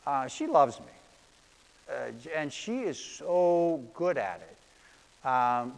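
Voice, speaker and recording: A male pastor preaching in an earnest, storytelling way, with self-deprecating asides. His voice sits a bit high and carries a long reverb from the church hall. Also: big pitch swings, takes it slowly, vocal fry. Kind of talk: sermon.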